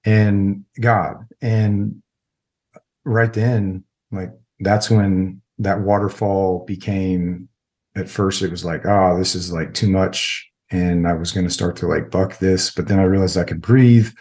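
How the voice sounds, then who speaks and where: A man's voice: sits low, steady tone, slow, darkish tone. A middle-aged man, a military veteran, telling a personal story as a podcast guest in a rambling, casual way full of filler words.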